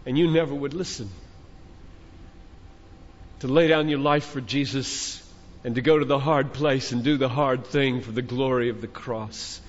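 A man's voice: medium pitch, steady tone, normal speed, long pauses. A man preaching a sermon to a large gathering, speaking as a father, with earnest, fatherly exhortation that builds through emphatic repetition. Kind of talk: sermon to a conference crowd. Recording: muffled hall recording with long reverb.

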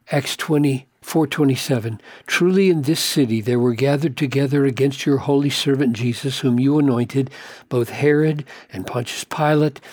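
A man teaching a sermon, slow and emphatic, sometimes dropping to hushed asides. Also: medium pitch, breathy edge, no room sound. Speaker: pastor.

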